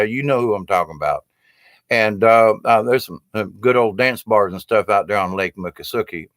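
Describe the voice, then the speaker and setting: A man in his sixties with a Southern US accent, a storyteller telling a rambling, humorous monologue in a folksy, drawn-out way full of "you know". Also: on the low side, fairly bright tone, dry recording, studio quality. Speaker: storyteller and puppeteer.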